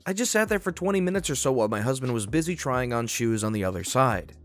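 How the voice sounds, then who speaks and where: Man, slightly high voice, storytime narration, faint music underneath. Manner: reads a first-person story aloud.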